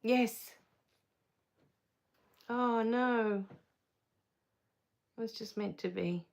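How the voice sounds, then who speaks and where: A woman's voice: on the high side, extremely slow, gravelly. Chatty, emotional woman live-streaming. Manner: chatty and emotional, easily moved to tears; relaxed with frequent fillers. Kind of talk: casual live stream chat reading viewer comments.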